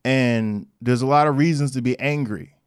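A man talks through his own podcast, recounting what he saw in a loose, slangy manner with plenty of asides. His voice sits in a middle pitch, and the sound is dry and close with little room around it. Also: normal speed, clean tone, no room sound. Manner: animated storytelling with slang and asides. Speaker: podcast host. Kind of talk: casual monologue.

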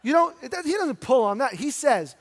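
A middle-aged man preaching a sermon in a church, conversational, asking rhetorical questions and slowing down for emphasis. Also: extremely high pitch, big pitch swings. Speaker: pastor. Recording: long hall reverb.

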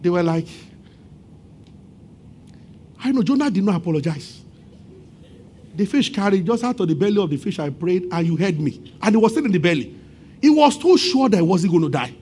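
A pastor with a very high voice preaches in an animated storytelling way. He acts out the voices of the people in his story and laughs often between lines. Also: fairly quick, a little hiss or hum. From Nigeria. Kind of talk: sermon.

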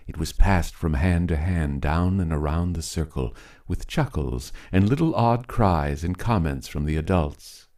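A man reads a story aloud in a deep, low voice. He takes his time, letting each phrase land in a measured, unhurried rhythm that suits a storybook narration. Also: darkish tone. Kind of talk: scripted narration.

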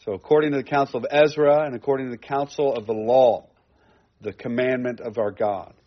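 A man's voice: mid-range voice, steady tone, brisk, lo-fi sound. A man teaching a sermon in a conversational way, repeating phrases for emphasis. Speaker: pastor. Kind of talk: expository sermon.

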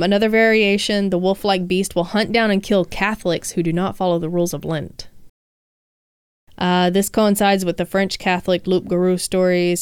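A woman's voice: mid-range voice, smooth, no room sound, clean studio sound. A woman co-hosting a casual chat, reading folklore aloud with playful jokes. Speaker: podcast co-host.

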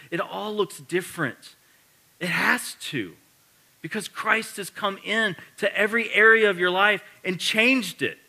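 A man's voice: fairly high pitch, pushed and bright. A man preaching a sermon as pastor, earnest and building to emphatic repetition, with casual self-correcting asides.

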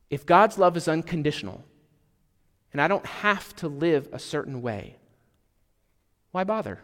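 A man's voice: fairly high pitch, a bit bright, in a large hall. A male pastor preaching a conversational sermon, dropping to a near whisper for emphasis. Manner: conversational, with asides and self-deprecating humor. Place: church sanctuary.

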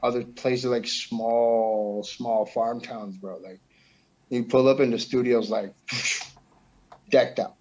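A man in relaxed conversation, full of slang and casual swearing, at an ordinary pitch. The sound is a bit dull and lo-fi. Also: slow pace, pauses often. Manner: loose slangy talk, swears often, says bro a lot. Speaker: musician guest. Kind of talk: casual chat.

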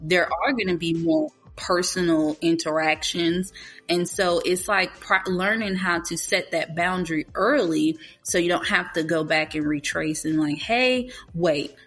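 A woman with a husky, slightly breathy voice, talking candidly in a relaxed conversation. She speaks earnestly and openly, rushing through some phrases with quick asides. Soft music plays faintly underneath. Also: lowish voice.

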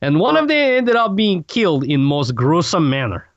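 Brief: male podcaster doing a deadpan Russian newsreader, fake accent, dull dry audio. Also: on the high side, normal speed, dry recording. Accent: put-on Russian. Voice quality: dropped articles, flat delivery. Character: deadpan male Russian news reader, gloomy.

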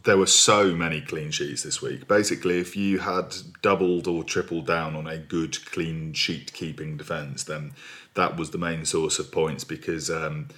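Young guy from berkshire, low voice, jokey podcast host banter, drops quiet at the end of lines. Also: fairly even intonation, normal speed. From Berkshire, England. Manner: jokey, self-mocking, trails off quietly. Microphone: remote recording.

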